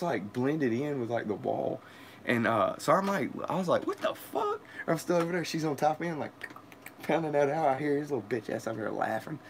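A man's voice: mid-range voice, slight background noise. A young man, telling a crude, profane story in casual vlog chat and laughing often. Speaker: vlogger.

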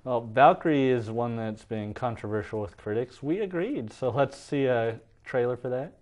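Easygoing male co-host, mid pitch, chatty review style. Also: moderate pace. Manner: relaxed, chatty, with frequent restarts and hedges. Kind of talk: casual movie review chat.

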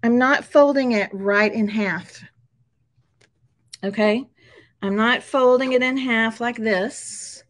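A middle-aged woman hosting a casual craft tutorial at her table, chatty and upbeat, often checking in with her viewers. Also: mid-range voice. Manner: chatty and upbeat, frequent "okay?" check-ins and laughs.

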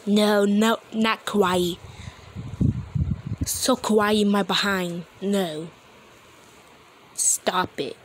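A woman's voice: medium pitch, fairly even intonation, very slow, long pauses, a little hiss or hum. A woman hosting a casual reaction video, emphatic and exasperated as she talks back to what she watches.

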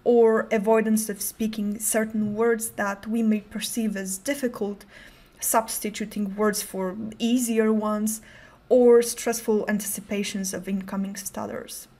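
A woman's voice: mid-range voice, level tone, measured pace, dark tone. A young adult woman giving a prepared conference talk, speaking in a careful, controlled way with occasional stutters on sounds.

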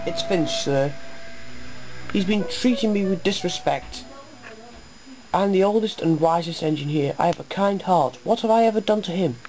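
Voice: medium pitch, normal speed, crowd noise, voice pushed up, natural voice, low-quality recording. A narrator voicing an old, kind but proud male tank engine who grumbles about being disrespected. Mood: earnest. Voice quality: grumbling, resentful. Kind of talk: amateur storybook voice acting.

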